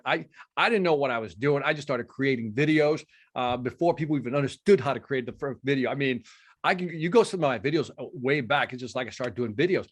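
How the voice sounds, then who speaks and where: A middle-aged man from Chicago tells a story as an interview guest, acting out both sides of the conversation. His voice sits at an ordinary middle pitch. He speaks in a lively, animated way, over what sounds like a remote call. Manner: animated storytelling, acts out dialogue.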